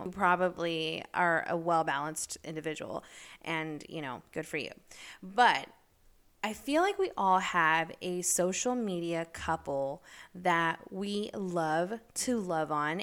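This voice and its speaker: A woman hosting her own podcast, telling stories in a chatty, rambling way with lots of fillers and bursts of excited, incredulous emphasis. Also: on the low side. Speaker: podcast host. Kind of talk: casual solo podcast chat.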